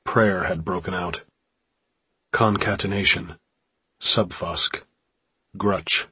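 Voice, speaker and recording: A man reading a novel aloud in measured scripted narration. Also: deep voice, fairly even intonation, sharp tone, husky, no echo. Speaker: audiobook narrator.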